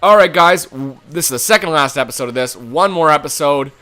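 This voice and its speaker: A young man giving casual commentary on his own sports video game, swearing a lot and swinging between low muttering and angry shouts. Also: lively intonation, fairly quick. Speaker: gaming YouTuber.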